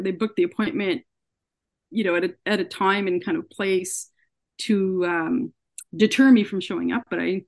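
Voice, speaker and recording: A Canadian woman appears as a podcast guest, earnestly telling a personal story in an interview and acting out what people said to her. Her voice is mid-range and a little mellow.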